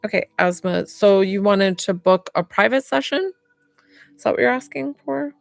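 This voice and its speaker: A woman's voice: mid-range voice, animated, normal speed, vocal fry, no room sound, faint music behind. A young woman from upstate New York, a medium chatting casually on a live stream, rambling and answering viewer comments.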